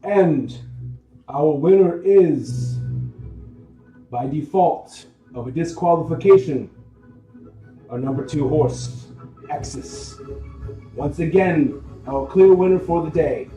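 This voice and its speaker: A man voicing a male sergeant announcing the winner of a race to a crowd in a booming, proclaiming voice. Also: takes it slowly, long pauses, dark tone, reverberant, distant mic, soft background music, rough recording.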